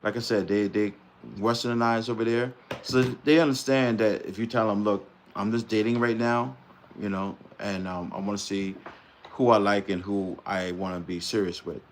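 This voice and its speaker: Host, middle-aged man, lowish voice, loose rambling live-chat delivery. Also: flat delivery, moderate pace, slight background noise. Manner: loose, rambling, laughs easily. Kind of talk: casual live-stream chat.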